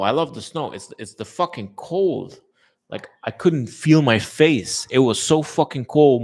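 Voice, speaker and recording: A man chatting casually with viewers, rambling and swearing freely, with many fillers. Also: medium pitch. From lives in a tourism-based place, has lived abroad. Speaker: channel host chatting with viewers. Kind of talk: casual live chat.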